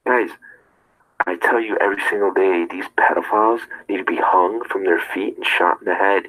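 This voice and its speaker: Deep, forceful man ranting. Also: steady tone, moderate pace, rough recording. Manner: confrontational, fires rhetorical questions. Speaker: streamer. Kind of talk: ranting monologue to viewers.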